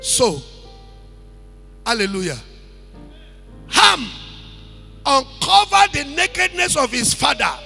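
A man delivers a sermon in a high, bright, gravelly voice that swings widely in pitch. He speaks slowly and emphatically, repeating key lines and calling out praise between points. His words ring through a large hall, with faint music underneath. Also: sing-song. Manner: emphatic, repeats phrases, interjects praise calls. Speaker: preacher. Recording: long hall reverb.

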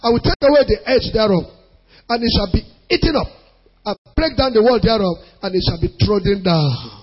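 A man's voice: sits high, animated, brisk, breathy edge, lo-fi sound. A man preaching a sermon, reading scripture aloud and then questioning his listeners with rising emphasis.

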